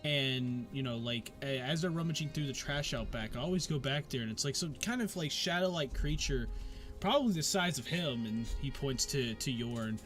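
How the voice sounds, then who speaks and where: A man's voice: mid-range voice, animated, moderate pace, fairly bright tone, soft background music. A man narrating as game master of a tabletop game, rambling with many fillers. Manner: rambling, full of "like" fillers and laughs.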